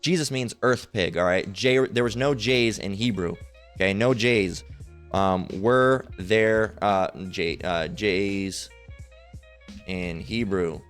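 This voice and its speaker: With soft music in the background, a man speaks slowly in a fairly low voice during an informal Bible teaching over screen share. He's hesitant and full of fillers, checking in again and again with "all right?".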